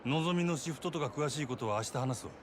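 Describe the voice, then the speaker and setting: A man's voice: a little high, racing, a little hiss or hum, natural voice. An actor voicing a shrewd male yakuza club manager in a game, with an easygoing, persuasive Kansai Japanese accent. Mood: smooth bargaining. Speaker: game character. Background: game music.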